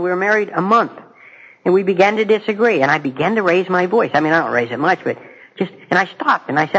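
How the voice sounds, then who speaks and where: A man's voice: on the high side, fairly bright tone, poor audio. A middle-aged man giving a personal testimony at a recovery meeting, conversational and self-mocking, speaking straight to the audience. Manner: direct to audience, asks questions.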